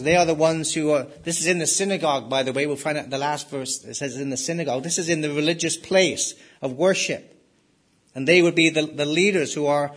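A man preaching a sermon, emphatic, rising for stress and dropping low at the ends of points. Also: fairly bright tone. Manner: emphatic, rises and drops sharply for stress. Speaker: pastor.

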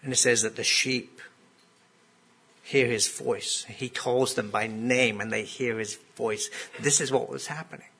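A man's voice: mid-range voice, steady tone, measured pace, fairly bright tone, slightly rough. A man preaching a sermon in a conversational way, often putting questions to his listeners.

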